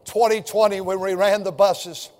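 Older male pastor with a very high voice, fiery pulpit delivery that climbs into shouts. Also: steady tone, moderate pace. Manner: impassioned, rising to shouts. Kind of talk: fiery sermon.

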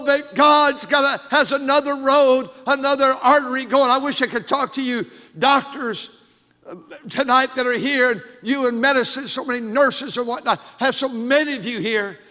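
An older man preaching a fervent sermon, his high, bright voice pressing hard on each point. The words hang in the long reverb of a big church sanctuary. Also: fairly even intonation, normal speed. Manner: fervent preaching, rising to shouted emphasis. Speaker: pastor.

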